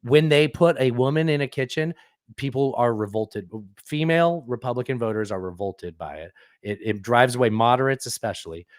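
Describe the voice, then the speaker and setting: A man's voice: mid-range voice, moderate pace, no echo, clean studio sound. A man hosting a casual political podcast, opinionated and explaining at length with frequent restarts. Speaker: podcast host.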